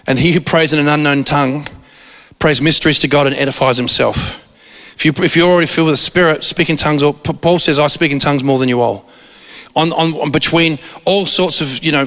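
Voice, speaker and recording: A man preaches and tells a story from the pulpit. His voice sits fairly high, and he talks in an animated way, restarting phrases often. A long reverb from the hall trails behind his words. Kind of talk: sermon with storytelling.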